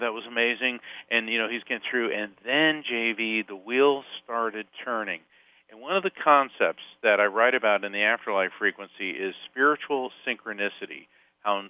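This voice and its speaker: A man's voice: on the low side, dry recording. Storytelling man over a phone line. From Central Florida. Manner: animated storyteller, acts out quoted voices. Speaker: psychic medium and author, podcast guest. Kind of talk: storytelling interview. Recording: phone-line sound, dry.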